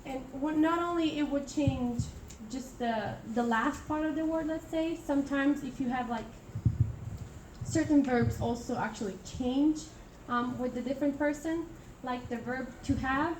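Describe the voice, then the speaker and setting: Presenting to her class, this young international student from Italy hesitates often, filling gaps and starting over. She has a high-pitched, somewhat dark voice and takes her time. Captured from a distance in an echoey room, the audio is noisy.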